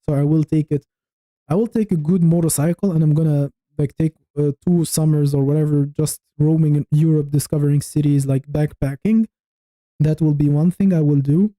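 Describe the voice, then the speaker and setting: A frank man in his thirties from Tunisia, rambling through a casual livestream chat with viewers and restarting his sentences as he thinks aloud. His voice sits a little high but sounds very dark and mellow, and the recording is dry and close. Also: no room sound, low-quality recording. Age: 30s. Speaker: YouTube livestreamer.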